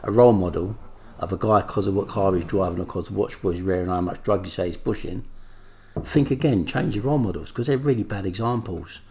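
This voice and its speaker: A man's voice: low-pitched, quick pace, mellow. A man speaking as an interview guest, earnest and reflective as he looks back on his past. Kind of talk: interview talk.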